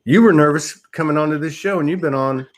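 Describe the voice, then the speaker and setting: A man's voice: fairly high pitch, fast. A man hosting a spiritual talk show, speaking in a reflective, casual way and now and then swearing lightly. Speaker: host.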